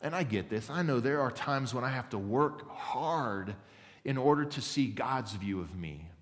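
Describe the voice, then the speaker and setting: A man's voice: mid-range voice, expressive, normal speed. A man preaching a sermon as pastor, earnest and building emphasis as he tells a story. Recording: reverberant hall.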